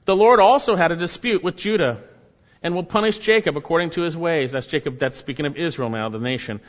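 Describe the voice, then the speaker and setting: A man preaching a sermon, asking rhetorical questions and repeating key phrases, his voice swinging from high and loud to low and quiet. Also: a little fast. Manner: repeats key phrases, rhetorical questions, rises and drops sharply in pitch and volume. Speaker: pastor. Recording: dull sound in a hall with long echo.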